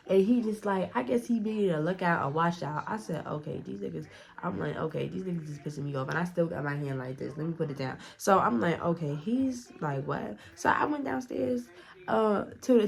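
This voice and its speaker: A woman's voice: mid-range voice, creaky. A woman vlogger telling a storytime in a blunt, profane way, acting out the dialogue as she goes. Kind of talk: casual storytime narration.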